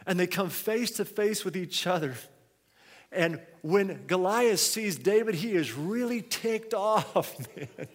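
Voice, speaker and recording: A man preaching a sermon, telling a story with energy and moving from quiet asides to loud exhortation. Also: high voice, animated, slow. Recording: long hall reverb.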